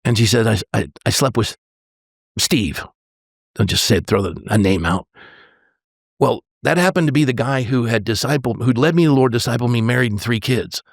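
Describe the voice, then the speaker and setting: A pastor in his sixties tells a personal story on a podcast, earnest and halting, often restarting and quoting dialogue. His mid-range voice is gravelly with lively intonation. The recording is studio quality with no echo.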